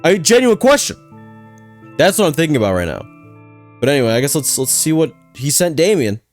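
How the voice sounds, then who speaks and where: A young man hosting a reaction video, joking around and thinking out loud in casual slang. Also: mid-range voice, big pitch swings, fast, faint music behind.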